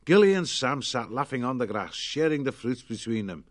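A man narrating a children's storybook in a lively, expressive way. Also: mid-range voice, normal speed.

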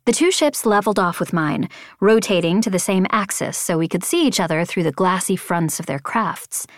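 A woman narrates a first-person adventure novel with expressive, tense delivery. Her pitch swings in a lively way, and the sound is close and dry. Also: moderate pace, no echo. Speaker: audiobook narrator.

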